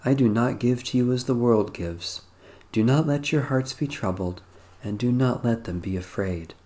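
A man reading an evening prayer service aloud in a measured, solemn liturgical manner. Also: mid-range voice, mellow. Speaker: prayer leader. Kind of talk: slow recited evening prayer.

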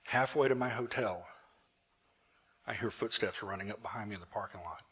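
A male pastor telling a personal story in a sermon, animated at times and hushed in the emotional moments. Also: on the low side, fairly quick, husky.

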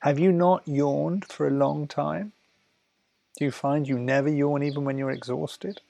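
A man teaching a relaxation lesson, talking slowly and soothingly, sometimes dropping to soft murmurs between louder asides. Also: a little high, steady tone, creaky, dry recording. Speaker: wellness teacher. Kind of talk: guided talk on breathing and relaxation.

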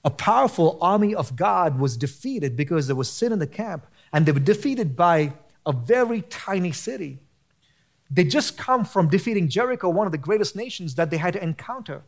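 Male pastor, high-pitched, passionate sermon delivery with casual slang. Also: animated, normal speed. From United States. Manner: impassioned, rising to near shouting at peaks; casual slang mixed into preaching.

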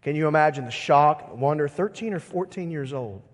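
A middle-aged man preaching with a high, bright-pitched voice that rises and falls between hushed asides and ringing emphasis. His words carry a long reverb, as if spoken in a large church hall. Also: a little fast. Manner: animated preaching, swings from quiet asides to emphatic declarations. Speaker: pastor. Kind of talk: sermon.

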